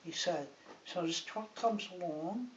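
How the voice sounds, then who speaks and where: A woman's voice: lowish voice, a little slow. Older woman telling a rambling story. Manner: rambling, chatty, checks in with "right?" and "like". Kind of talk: casual storytelling. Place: living room, on a sofa. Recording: hissy, muffled home recording from a distance in an echoey room.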